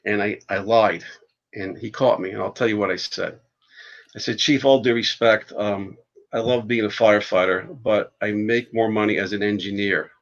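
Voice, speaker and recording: A man, a podcast guest and fire chief, telling stories in a casual, animated way and swearing freely. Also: on the low side, normal speed. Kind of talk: casual storytelling. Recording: dull lo-fi podcast audio.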